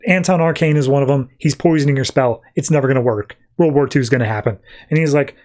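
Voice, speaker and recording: A man's voice: medium pitch, a little mellow. A man hosting a podcast, casually retelling a comic story and paraphrasing the characters' lines as he goes. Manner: retells scenes with quick paraphrased dialogue. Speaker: podcast host. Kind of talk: casual comic book recap.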